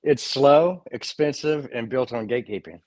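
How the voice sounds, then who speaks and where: A man guest in an interview, answering in short, measured declarative statements. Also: medium pitch, a little mellow, dry recording. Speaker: author and music creator, guest.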